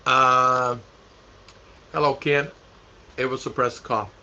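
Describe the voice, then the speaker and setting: Male vlog host chatting to a live chat, bright tense tone, rambles and repeats, muffled stream sound. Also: medium pitch, fairly even intonation, slow pace. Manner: rambling, repeats himself, laughs a lot. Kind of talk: casual livestream chat. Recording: dull lo-fi stream audio.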